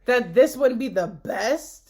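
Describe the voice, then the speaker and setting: A fairly high, lively woman's voice bounces all over as she holds her ground in a loose podcast argument. She co-hosts, talking over the others, and drops curse words without a second thought. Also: slow. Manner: insistent, animated, swears freely. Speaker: podcast co-host. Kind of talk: casual debate chat.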